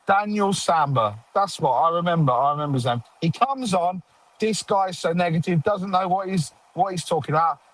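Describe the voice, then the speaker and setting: Sarcastic high-voiced fan host. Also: male voice, normal speed, fairly bright tone, dry recording, rough recording. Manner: sarcastic, mocking, grumbling. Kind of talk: casual football fan chat.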